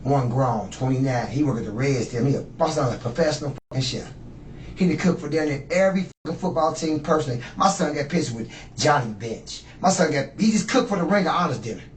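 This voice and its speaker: A mid-range male voice, animated and quick, belongs to a suspect in his fifties who rambles boastfully and profanely while being questioned. The setting is an interrogation room, and the sound is echoey and faintly noisy from a distant mic.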